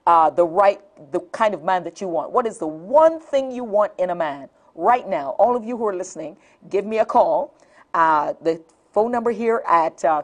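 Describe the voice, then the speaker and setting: A middle-aged woman hosting a nighttime call-in talk show, telling a funny personal story and laughing often. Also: mid-range voice. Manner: animated storyteller, laughs often, repeats phone numbers.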